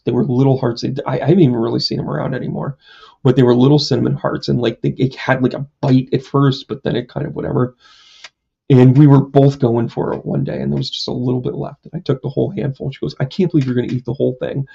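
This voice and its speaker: A man's voice: medium pitch, creaky, warm tone, breathy edge, muffled recording. A man, a psychic medium, chatting casually on a live stream, rambling through a story with lots of fillers and self-mocking jokes.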